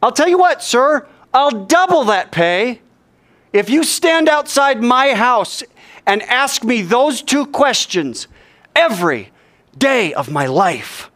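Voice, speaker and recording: A man's voice: very high voice, big pitch swings, slow pace, a bit bright, pitched above the performer's own voice, heavily acted. A man voicing an ancient rabbi who answers a guard with bold wit. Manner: startled, then bold.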